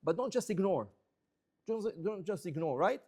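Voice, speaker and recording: Animated rabbi teaching a Torah class. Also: male voice, sits high, moderate pace, slightly rough. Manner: animated, mixes Hebrew and Aramaic terms.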